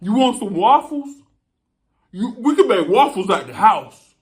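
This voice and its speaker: A loud, eager young boyfriend, acted out by a woman telling a story coaxes in a goofy, pleading way. He sounds cheap and pleased with himself. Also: mid-range voice, sing-song, measured pace.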